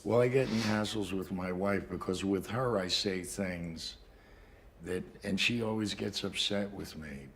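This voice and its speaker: An older man, an actor, recounting audition stories in a dry, measured way during a casual conversation. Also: deep voice, a little hiss or hum.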